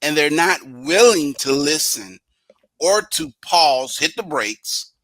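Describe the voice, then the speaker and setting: A male co-host with a slow, unhurried delivery and a bright, forceful tone. His pitch swings widely as he tells stories and acts out both sides of a conversation. The sound is close and dry. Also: no echo, low-quality recording. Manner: animated storyteller who acts out dialogue. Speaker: co-host and business coach. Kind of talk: conversational podcast talk.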